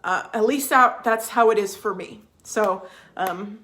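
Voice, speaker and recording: A woman's voice: mid-range voice, unhurried. A woman vlogging from home, chatting casually with viewers, restarting sentences and reading out their comments. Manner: warm, chatty, reads viewer comments aloud; restarts sentences, fillers, emotional at times.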